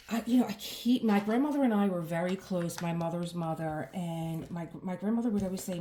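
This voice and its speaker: A woman's voice: medium pitch, moderate pace. A middle-aged woman chatting casually while she crafts at home, rambling and restarting her sentences, with frequent fillers and laughter. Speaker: diamond painting vlogger.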